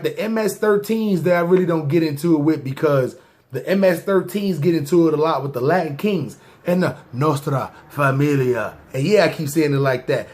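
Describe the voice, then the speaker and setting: A man's voice: on the high side, a little mellow. Slang-heavy man telling street stories. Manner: loose slang-heavy talk, often addressing listeners as "y'all"; acts out scenes in asides and mock voices. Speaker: podcast host. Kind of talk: casual street storytelling to viewers.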